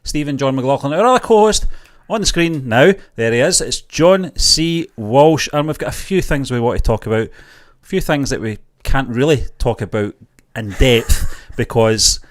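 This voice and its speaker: A man's voice: medium pitch, expressive, moderate pace, hardly any pauses. A man from the UK co-hosting a casual film chat, upbeat, laughing along and hesitating with fillers. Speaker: co-host.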